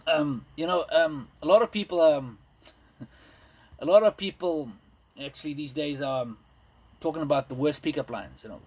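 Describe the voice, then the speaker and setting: A man in his thirties doing a rambling, self-deprecating stand-up set, full of ums and pauses. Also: fairly high pitch, darkish tone, husky. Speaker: stand-up comedian. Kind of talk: stand-up set streamed live. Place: indoors at home.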